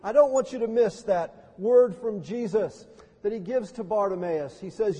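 A man preaching a sermon and reading scripture aloud in a measured, earnest way, recorded in a church sanctuary. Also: high voice, mellow, husky. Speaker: pastor. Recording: long reverb of a large hall.

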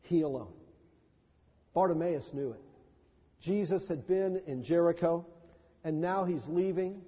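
A man's voice: on the high side, unhurried, dark tone, breathy edge, lo-fi sound. A man preaching a sermon as pastor, reading scripture and rising to impassioned cries. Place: church sanctuary. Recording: long church reverb.

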